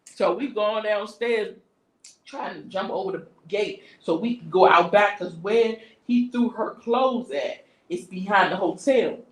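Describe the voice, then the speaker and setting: A woman casually telling a story on a talk stream, lively and slangy. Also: medium pitch, unhurried, roomy sound, poor audio. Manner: lively, animated retelling with slangy asides.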